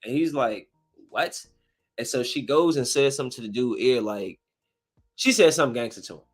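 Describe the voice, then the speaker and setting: A man of middling pitch chats through a movie plot as a podcast host, rambling and animated. He slips into quick impressions of the characters as he goes. Soft music plays faintly behind him. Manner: rambling, animated storytelling with acted-out quotes. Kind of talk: casual movie recap.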